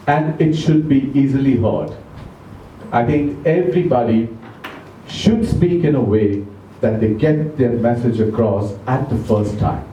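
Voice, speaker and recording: A man with an Indian English accent giving a measured, emphatic talk on public speaking to a club audience. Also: mid-range voice, mellow, recorded from a distance, slight background noise. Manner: measured, emphatic, slows down to stress words. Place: large club meeting room. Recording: echoey room, speaker off mic.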